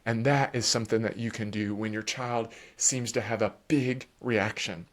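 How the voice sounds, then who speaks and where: Man explaining calmly to parents. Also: lowish voice, moderate pace. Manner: calm, explanatory, animated at times, with light laughs. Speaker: children's therapist. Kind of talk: advice talk to parents.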